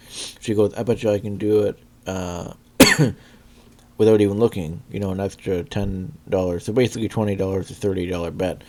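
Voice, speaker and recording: Male reviewer, deep mellow voice, loose rambling delivery full of ums, frequent coughs. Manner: rambling, many fillers and restarts; clears throat and coughs often. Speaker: movie reviewer. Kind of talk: casual spoken review.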